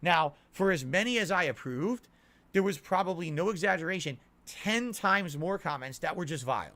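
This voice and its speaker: A man's voice: high voice, animated, moderate pace, pushed and bright. A male streamer complaining at length in an indignant, ranting monologue.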